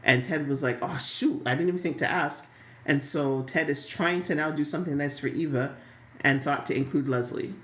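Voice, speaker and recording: A woman co-hosting a casual soap opera recap, telling stories in a lively, sassy way with frequent laughs. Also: low voice, normal speed, roomy sound. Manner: animated, laughing, sassy storytelling. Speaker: podcast co-host.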